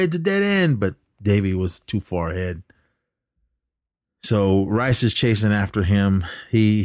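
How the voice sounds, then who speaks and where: With a lowish, darkish voice recorded studio-clean and free of echo, a man co-hosts a casual podcast. His movie recap meanders, full of fillers and lines he acts out.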